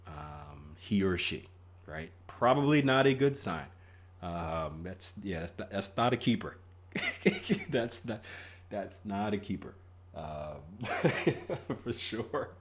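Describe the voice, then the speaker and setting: A man's voice: on the low side, big pitch swings, slow. A young man hosting a live trading stream in casual chat, joking, laughing at his own jokes and reading viewer comments aloud. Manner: frequent restarts and filler ums. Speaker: trading livestream host.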